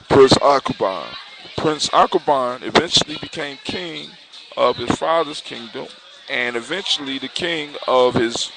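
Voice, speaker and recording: A man narrating a folktale aloud in a relaxed, unscripted way. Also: mid-range voice. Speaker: storyteller. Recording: clear background hiss.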